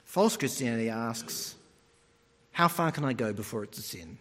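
A man's voice: mid-range voice, moderate pace, slightly rough. A man preaching a sermon, retelling stories and putting on voices as he goes. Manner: animated storytelling, mimics voices. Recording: long hall reverb.

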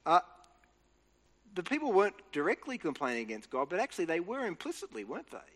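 A man's voice: high-pitched, huge pitch swings, fast talker, fairly bright tone. A man giving an earnest, explanatory Bible teaching talk, restarting phrases as he goes. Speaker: preacher. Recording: reverberant hall.

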